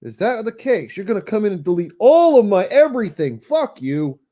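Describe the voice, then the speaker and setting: A man's voice: high-pitched, very animated, a little fast, mellow. A man ranting angrily and profanely on a live stream, bitter and heated. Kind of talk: angry live-stream rant.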